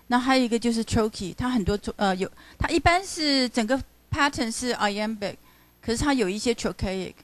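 Higher-voiced woman lecturing on poetry. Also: dry recording. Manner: explains and reads lines aloud to show stresses, checks with students. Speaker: literature professor. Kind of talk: classroom lecture mixing English and Mandarin. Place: university classroom.

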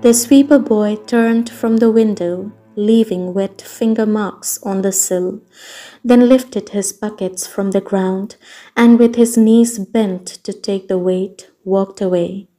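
A woman storyteller reading a novel aloud in calm, measured narration. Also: mid-range voice. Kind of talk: audiobook reading. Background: soft ambient music.

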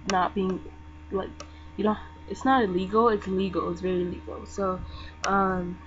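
A young woman chatting casually over gameplay, soft-spoken and rambling, with lots of fillers. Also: level tone, normal speed, slight background noise. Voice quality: soft-spoken, talks low. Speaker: gaming vlogger. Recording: dull lo-fi mic with game music. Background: game music.

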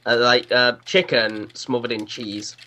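A man's voice: mid-range voice, steady tone, measured pace, pushed and bright, a little hiss or hum. A man with a British accent, playing a game with friends over voice chat, joking and laughing often. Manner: giggly, joking. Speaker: game player. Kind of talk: casual voice chat while gaming.

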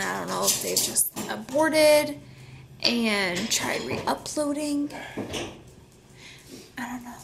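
A young woman vlogging at home in casual chat, out of breath and talking in a breathy half-whisper. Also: fairly high pitch, background noise. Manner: rambling, chatty.

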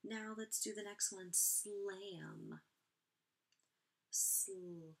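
A woman teaching a first grade phonics lesson online, encouraging and clearly sounding out each word for young children. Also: medium pitch, drawn-out words.

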